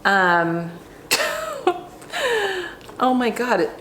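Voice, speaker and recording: A woman's voice: mid-range voice, slow pace, slight background noise. A woman handbag vlogger doing an unboxing vlog, gushing and effusive, with lots of ums. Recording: roomy echo.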